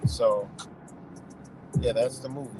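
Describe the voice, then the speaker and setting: A man's voice: medium pitch, steady tone, takes it slowly, background noise. A man ranting casually and profanely from his car on a live stream, rambling and saying "you know" over and over. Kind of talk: casual rant. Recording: clear music under the voice.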